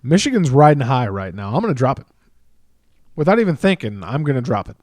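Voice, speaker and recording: A man's voice: medium pitch, sing-song, fairly quick, a little mellow, no echo. A man co-hosting a casual sports chat, blunt and opinionated, often repeating himself as he makes his picks. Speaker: podcast co-host.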